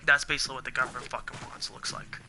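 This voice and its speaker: A man's voice: mid-range voice, little pitch movement, rapid-fire, bright, forceful tone, faint music behind. A young man ranting heatedly to his viewers, swearing a lot and rambling as he vents. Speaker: gaming channel host. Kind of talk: angry ranting monologue.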